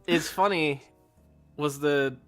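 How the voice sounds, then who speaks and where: A man's voice: on the high side, takes it slowly, a bit bright, faint music behind. A man co-reviewing a comedy film in casual chat, laughing and acting out the lines. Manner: laughing, acts out movie lines. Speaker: guest co-reviewer.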